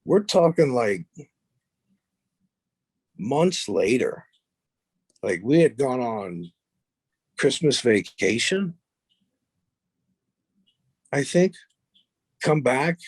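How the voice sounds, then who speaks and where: A man's voice: medium pitch, extremely slow, pauses often, slightly rough, no echo. A man in his thirties, a podcast guest, telling a story casually with lots of swearing and rambling asides. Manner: profane, rambling, animated retelling.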